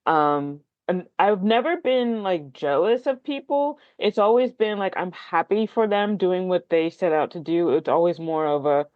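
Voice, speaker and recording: A candid writer rambles through a casual podcast chat, dotting every thought with likes and ums and gently putting themselves down. The sound is dull and lo-fi, with a dry room that gives back no echo. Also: mid-range voice, measured pace, hardly any pauses. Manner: self-deprecating. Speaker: podcast guest, fellow writer.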